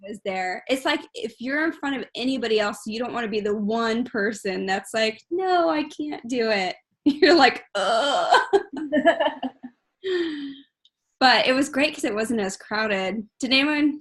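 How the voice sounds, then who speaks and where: A young woman hosting a casual group chat, telling stories in a bubbly, animated way. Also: a little high, moderate pace. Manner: bubbly, animated storytelling with laughs.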